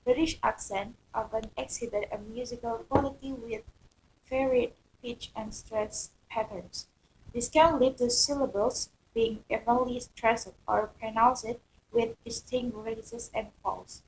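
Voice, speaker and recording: A woman's voice: a little high, measured pace, poor audio. A woman student reading a class presentation aloud, going steadily through a list of points. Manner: steady reading of listed points, occasional stumble. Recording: faint background noise.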